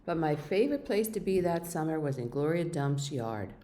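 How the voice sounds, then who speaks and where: A woman reads a children's novel aloud with steady, expressive storytelling. Her voice sits low and sounds mellow and warm. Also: normal speed. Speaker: reader.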